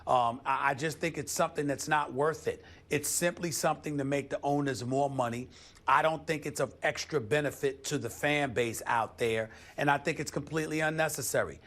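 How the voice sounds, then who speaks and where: A man's voice: on the high side, brisk, fairly bright tone. A man on a studio sports debate show, arguing emphatically and stacking up his points one by one. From United States. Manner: emphatic, builds numbered points.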